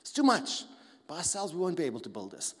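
A man, a pastor preaching a sermon in an animated, conversational way, often tagging questions onto his points. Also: fairly high pitch, fast, slightly rough. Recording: long hall reverb.

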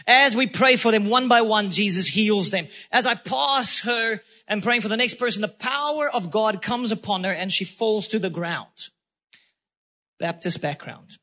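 High, bright-voiced fervent preacher man. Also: a little slow. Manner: fervent preaching with repeated phrases and exclamations. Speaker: pastor. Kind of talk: sermon.

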